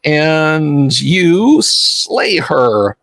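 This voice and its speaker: A man runs a tabletop game on a livestream, narrating rolls and fights with a joking streak. His voice sits a little high. The sound is dry and close, with no room echo. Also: sing-song, very slow, vocal fry, a bit bright. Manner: jokey, tosses in metal references. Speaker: game master.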